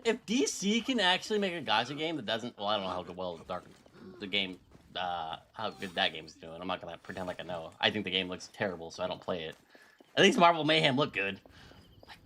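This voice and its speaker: A man's voice: sits low, animated, a little fast, pushed and bright. Ranting male gaming streamer. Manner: ranting, frustrated, laughs often. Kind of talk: live-stream commentary.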